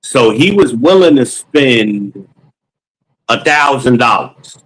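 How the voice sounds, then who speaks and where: A man's voice: mid-range voice, expressive, slow, a bit bright, breathy edge, poor audio. Casual man telling a long sales story. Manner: loose, conversational, slangy, with many ums and quoted dialogue.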